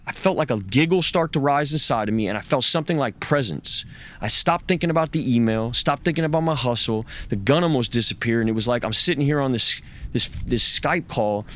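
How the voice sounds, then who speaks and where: A man's voice: mid-range voice, a bit bright, a little hiss or hum. A man telling a candid personal story in an interview, swearing freely, stumbling over repeated words and acting out what others said. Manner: profane, halting, repeats words, acts out quoted speech. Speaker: interview guest.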